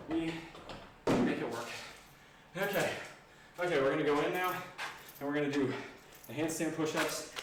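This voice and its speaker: A man of average pitch, worn out and panting after a heavy workout, talking casually with viewers. He sits far from the mic in an echoey home garage. Loud noise runs underneath him. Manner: panting, chatty, jokey. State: out of breath. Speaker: fitness vlogger. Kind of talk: casual livestream workout commentary.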